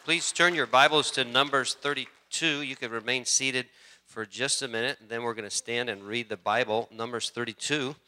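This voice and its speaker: A man preaching a sermon as pastor, telling stories with rising, animated energy. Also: mid-range voice, moderate pace. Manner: animated storytelling, rising excitement.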